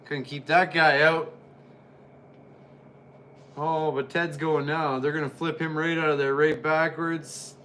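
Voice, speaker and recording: A man's voice: fairly high pitch, slow, long pauses, slight background noise. A man giving casual, jokey play-by-play commentary while reviewing an old wrestling match. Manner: excitable, jokey, chatty.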